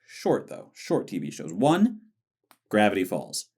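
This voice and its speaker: A man's voice: fairly low pitch, huge pitch swings, measured pace, vocal fry, a little mellow, husky. A man co-hosting a podcast, chatting in a breezy, rambling way. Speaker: podcast co-host. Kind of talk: casual chat.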